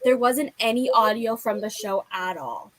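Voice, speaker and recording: A woman's voice: fairly high pitch, normal speed, a crowd in the background, low-quality recording. A young woman hosting a casual book chat, rambling and leaning on lots of fillers. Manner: rambling, heavy use of filler like. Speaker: booktube host.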